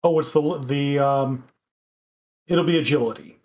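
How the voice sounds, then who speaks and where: Game master talking folks thru a tabletop fight, lots of uhs, calm and steady. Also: mid-range voice. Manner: halting, many fillers, calm rulings.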